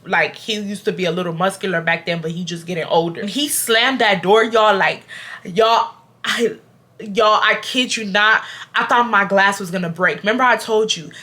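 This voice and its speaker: A woman in her twenties from Houston, Texas, telling a storytime to her viewers in an animated, casual way and acting out loud quotes. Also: mid-range voice, moderate pace. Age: 20s. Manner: addresses viewers as y'all. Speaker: storytime vlogger.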